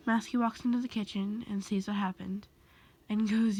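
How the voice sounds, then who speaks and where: A woman's voice: mid-range voice, fairly even intonation, moderate pace, a little mellow, husky. Woman casually reading a fan story. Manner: loose, rambling delivery with self-corrections. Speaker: amateur storyteller.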